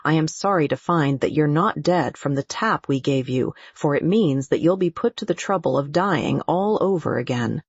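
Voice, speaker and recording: A reader voicing a cool, sardonic Irish pirate captain in an audiobook, speaking in a dry, mocking, measured way with an Irish accent. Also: mid-range voice, expressive, breathy edge, dry recording, lo-fi sound. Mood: coolly firm.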